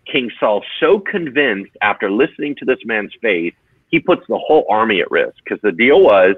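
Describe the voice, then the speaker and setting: A man who is a pastor, teaching in a conversational, energetic way on a podcast. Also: lowish voice, normal speed, breathy edge, dry recording. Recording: tinny phone-like dry sound.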